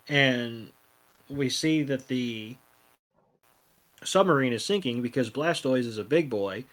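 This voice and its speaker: A man's voice: medium pitch, slow pace, pauses often, fairly bright tone, poor audio. A man co-hosting a podcast, recapping an episode in a laid-back way with many ums and some swearing. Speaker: podcast co-host. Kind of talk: casual recap chat.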